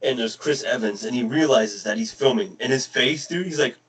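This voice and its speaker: A man's voice: medium pitch, a little fast, fairly bright tone. A man co-hosting a casual podcast, rambling through stories with loose swearing. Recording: roomy echo.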